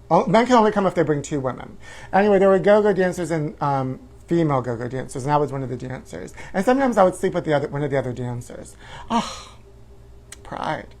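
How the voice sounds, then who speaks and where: A man hosting a live-stream chat show, campy and flamboyant, calling viewers honey and letting out shrill woos. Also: a little mellow. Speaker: host.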